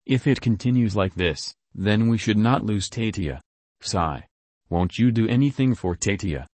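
A man's voice: lowish voice, lively intonation, measured pace, darkish tone, no echo. A man voicing a humble, devoted male disciple who pleads earnestly in a storytelling reading.

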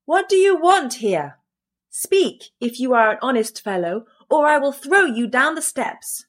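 A woman's voice: medium pitch, very animated, moderate pace, breathy edge. A woman reading a storybook voices a simple-minded young boy who does not know fear. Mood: shouting.

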